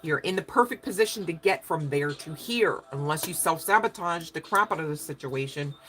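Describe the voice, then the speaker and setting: Lady doing a tarot reading, kinda low voice, chatty and pushy, keeps asking "make sense?". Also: lively intonation, brisk, a bit bright. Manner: chatty, emphatic, checks in with listeners, swears casually. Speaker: tarot reader. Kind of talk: spiritual reading monologue.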